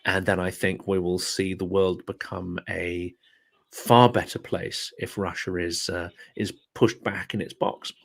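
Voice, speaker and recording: A man with a low voice speaks as a guest on a live stream. He is earnest and measured and states his points firmly. His delivery stays steady and conversational. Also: creaky. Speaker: guest, political channel host. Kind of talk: casual live chat.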